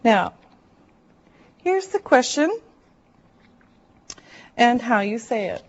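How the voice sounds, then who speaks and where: Woman, English teacher, very slow drilled speech, dull muffled recording. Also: on the high side, very animated. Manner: slow, deliberate drilling with repeated phrases. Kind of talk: classroom language lesson.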